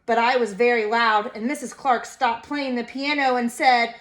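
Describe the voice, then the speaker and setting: A woman, a preschool teacher, reading a picture book aloud to young children and pointing out the pictures. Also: fairly high pitch. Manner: slow, expressive, pointing out pictures to kids.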